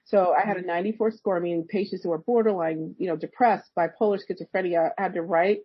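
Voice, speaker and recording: A woman's voice: lowish voice, fast, breathy edge, dry recording, highs cut off. A woman, a therapist and energy healer, guesting on a podcast and telling stories animatedly, acting out the dialogue. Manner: animated storyteller who acts out quoted dialogue. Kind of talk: casual storytelling interview.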